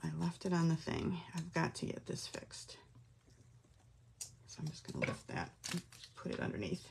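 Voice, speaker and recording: A woman's voice: low voice, sing-song, normal speed, vocal fry, background noise. A middle-aged woman hosting a casual craft tutorial from her home craft room, chatting and thinking aloud as she works. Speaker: craft class host.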